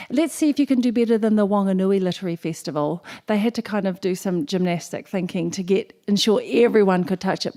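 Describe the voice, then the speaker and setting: List: woman, New Zealand accent, poet, playful storyteller, live stage performance. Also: medium pitch. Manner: playful, animated, acts out dialogue. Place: festival stage before an audience.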